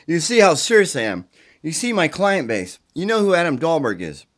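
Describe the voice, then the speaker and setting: A middle-aged man worn down by the flu records himself at his mother's home, cursing and pleading in an agitated ramble aimed at the camera. The voice is fairly high-pitched and a touch bright.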